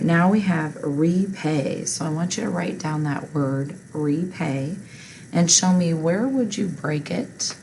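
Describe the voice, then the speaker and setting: A woman's voice: sits low, darkish tone, a little hiss or hum, low-quality recording. A woman teacher patiently walking learners through a recorded reading lesson step by step.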